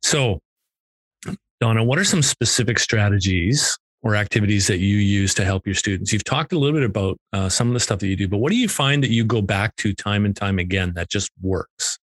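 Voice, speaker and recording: Male interview host, husky low voice, dry close sound, encouraging. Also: fairly quick, fairly bright tone, no echo. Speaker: podcast host.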